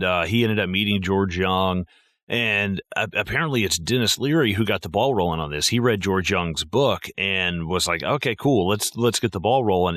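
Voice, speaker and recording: A man co-hosting a casual movie podcast, swearing freely and acting out quotes in an animated way. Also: deep voice, no room sound. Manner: animated, profane, acts out quotes. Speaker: podcast co-host.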